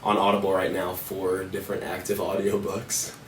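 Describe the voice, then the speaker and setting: Low-voiced man from New Jersey, roomy sound. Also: moderate pace, slight background noise. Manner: relaxed, laughs easily. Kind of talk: casual chat. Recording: roomy, distant mic with faint ambience.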